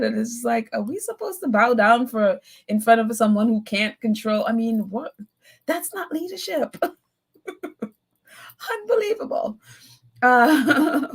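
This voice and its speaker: A woman's voice: fairly high pitch, husky. A woman hosting a live call-in chat, reading viewer comments and giving her opinions, laughing often. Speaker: host.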